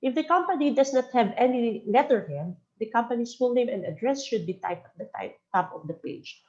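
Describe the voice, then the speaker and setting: A woman's voice: on the high side, animated, a little fast, darkish tone, dull audio. A woman trainer from the Philippines, giving a webinar lecture and often checking in with "okay?" while switching between English and Bicol. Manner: mixes English with local Bicol phrases, frequent "okay?" checks. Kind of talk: webinar lecture on phone and letter etiquette.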